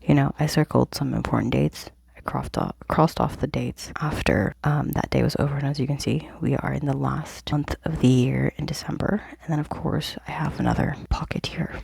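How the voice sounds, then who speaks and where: Before dawn in a home office, a young adult host whispers a casual, rambling planner review into a close, plugged-in microphone, full of fillers. The medium-pitched voice is husky and gravelly, steady and moderately paced, with few pauses and no echo.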